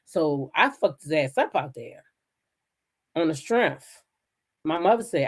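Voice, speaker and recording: A woman hosting her own channel, telling stories in a blunt, profane, animated style. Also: lowish voice, unhurried. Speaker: channel host. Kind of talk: casual commentary chat.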